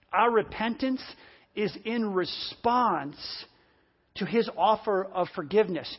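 A preacher delivering a sermon, repeating key phrases and swinging between loud, forceful lines and hushed ones. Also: medium pitch, slightly rough, highs cut off.

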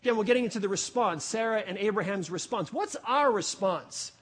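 A male pastor preaching in a very high voice. He is animated and jokey, acts out little scenes and keeps asking the congregation questions. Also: a little fast, breathy edge. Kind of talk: sermon.

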